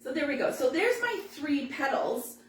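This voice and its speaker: A woman giving a live balloon-making tutorial, chatty and quick to laugh as she works. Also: sits high, sing-song, echoey room, far from the mic, slight background noise. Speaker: balloon instructor.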